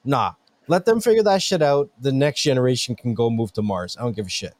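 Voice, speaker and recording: A middle-aged man talking in loose, joking podcast banter, his pitch swinging widely as he gets worked up. He swears freely and sounds dry and close, with no room around him. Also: expressive, brisk, darkish tone, dry recording. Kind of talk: casual chat.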